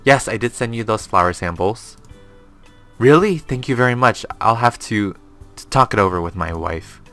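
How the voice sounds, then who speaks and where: A man's voice: on the low side, expressive, moderate pace, fairly bright tone, soft background music. A man voicing an earnest, sentimental young husband who loves flowers. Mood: eager.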